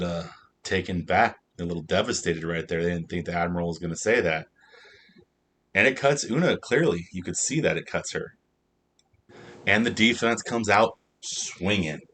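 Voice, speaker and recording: A man with a deep, low voice walks through a TV episode scene by scene. He speaks in a casual, unscripted way with plenty of fillers. A faint rumble hums in the background. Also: fairly bright tone. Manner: loose, filler-heavy retelling. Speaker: TV show reviewer.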